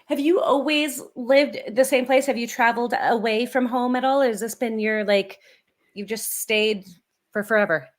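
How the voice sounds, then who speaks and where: A woman hosting a podcast in an upbeat, chatty way, often pausing with ums while searching for words. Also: fairly high pitch. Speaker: podcast host.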